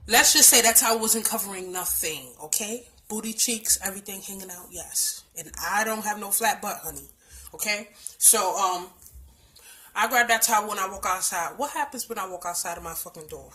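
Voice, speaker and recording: A storytime vlogger with a Bronx New York accent tells a personal story casually, blunt and emphatic, swearing a lot and swinging from hushed to loud. Her voice is mid-range at a moderate pace, with a little hiss or hum in the audio.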